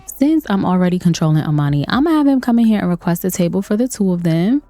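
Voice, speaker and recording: A woman's voice: fairly low pitch, lively intonation, fast, few pauses, dark tone, no room sound. A woman hosting a life-sim let's play, chatting and laughing with her viewers as she plays. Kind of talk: casual gameplay commentary.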